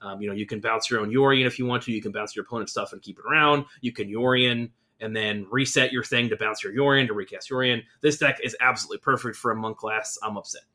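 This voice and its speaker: A man's voice: mid-range voice, steady tone, quick pace, hardly any pauses, pushed and bright. A man co-hosting a casual podcast, chatty and often asking "you know what I'm saying". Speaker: podcast co-host. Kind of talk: casual chat.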